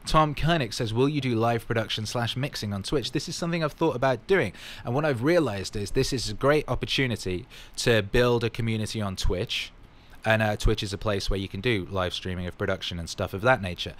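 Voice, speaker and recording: A man's voice: lowish voice, a little fast. A man casually answering fan questions in his vlog, rambling and upbeat with plenty of fillers.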